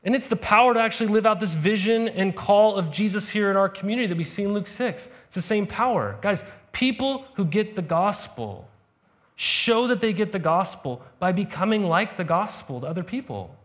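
A young adult man pastor delivering a sermon, retelling a parable in a conversational, animated storytelling way with casual asides to the congregation. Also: high voice, normal speed.

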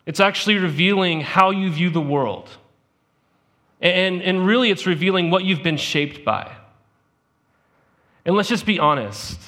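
A man's voice: sits high, expressive, measured pace, long pauses, sharp tone. A man preaching a sermon as pastor, talking in a conversational way and putting questions to the congregation.

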